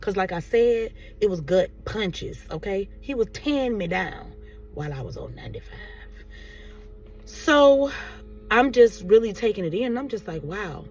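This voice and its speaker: A woman telling a casual story-time vlog in a chatty, animated, sarcastic way, full of fillers. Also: medium pitch, moderate pace, far from the mic. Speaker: vlogger. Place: car on the road.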